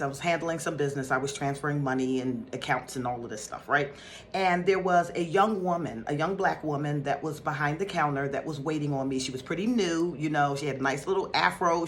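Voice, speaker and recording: A woman from North Philadelphia, a spiritual teacher, telling a story to her viewers in a casual, excitable way with frequent laughter. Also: deep voice, a little hiss or hum.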